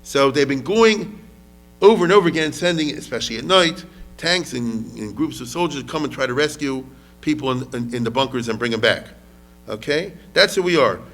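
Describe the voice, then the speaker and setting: A man's voice: mid-range voice, animated, moderate pace, fairly bright tone, soft background music. Chatty male history lecturer. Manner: conversational, asks the audience questions often; mixes in Hebrew words.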